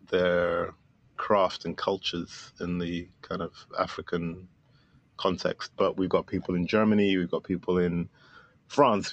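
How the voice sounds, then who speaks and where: A man's voice: low voice, lo-fi sound. A man guest on a podcast, talking casually and enthusiastically with many fillers about his film. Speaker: filmmaker guest.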